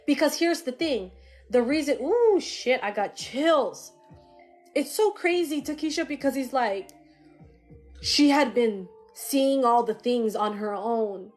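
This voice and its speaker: Woman psychic, live reading, casual and animated, cursing freely, high voice. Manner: casual and animated, swears and laughs often. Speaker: psychic medium.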